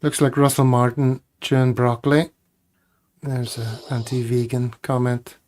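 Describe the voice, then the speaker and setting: A man's voice: mid-range voice, level tone, a little slow, a little mellow. A man hosting a casual chat, joking and laughing at his own jokes. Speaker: podcast host.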